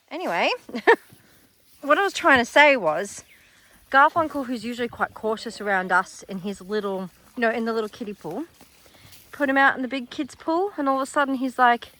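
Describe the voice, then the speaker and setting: This casual vlog comes from a middle-aged Australian woman touring the paddocks of her animal sanctuary farm with a handheld phone camera, so her voice shifts nearer and farther. She chats warmly and affectionately, cooing at the animals in a high baby voice.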